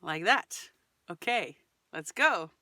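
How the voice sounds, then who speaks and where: A woman hosting a singing channel, reacting and giving vocal tips in chatty, enthusiastic talk, sometimes breaking into sudden shouted cries and sung fragments to demonstrate. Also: lowish voice, expressive, slow, noisy background.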